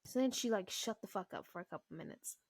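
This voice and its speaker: A woman's voice: mid-range voice, fast talker, no room sound, studio quality. A woman in her twenties ranting bluntly and profanely in a casual storytime vlog. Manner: blunt, profane, animated retelling. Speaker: vlogger.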